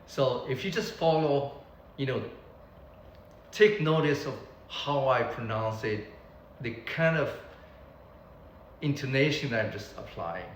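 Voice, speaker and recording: A man teaching beginners Mandarin, repeating each word slowly so learners can copy it. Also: medium pitch, lively intonation, roomy sound, a little hiss or hum, low-quality recording. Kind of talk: beginner language lesson.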